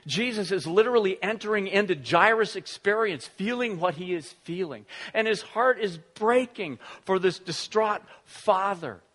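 A man's voice: high voice, expressive, normal speed, few pauses, fairly bright tone, in a large hall. A middle-aged man preaching a sermon, telling a family story with many restarts and fillers. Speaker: pastor.

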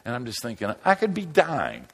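A man's voice: medium pitch, fairly quick, creaky, slightly rough. An older man preaching a humorous sermon, telling stories and joking with the crowd. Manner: animated storytelling, joking with the crowd. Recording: long hall reverb.

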